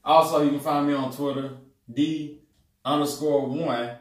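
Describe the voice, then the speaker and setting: A young man with a Mississippi accent talks in a loose, joking way, cursing freely as a podcast guest. His voice sits high. The mic is far off in a very echoey room. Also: fairly even intonation, unhurried. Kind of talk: casual podcast chat. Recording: roomy echo, mic far off.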